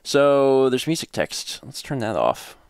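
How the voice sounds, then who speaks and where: A man's voice: mid-range voice, very animated, measured pace, clean tone, no room sound, clean studio sound. A man hosting a casual game stream, thinking aloud and laughing often as he sets up. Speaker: streamer host. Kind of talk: casual chat while setting up a game stream. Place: home streaming setup.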